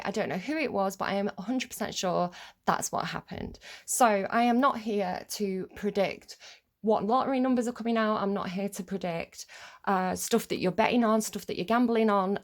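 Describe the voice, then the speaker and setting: A young woman, a tarot reader, chatting casually and rambling with many fillers, swearing when annoyed. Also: mid-range voice. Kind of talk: casual chat to camera.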